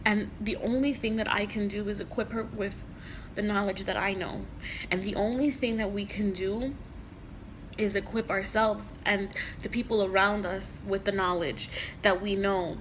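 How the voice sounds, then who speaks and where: A woman speaking to camera about faith and the ego, earnest and heartfelt, with slow emphatic repetitions and soft near-whispered phrases. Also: medium pitch, fairly even intonation, a little hiss or hum, rough recording. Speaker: mother sharing spiritual reflections. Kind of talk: personal reflective monologue.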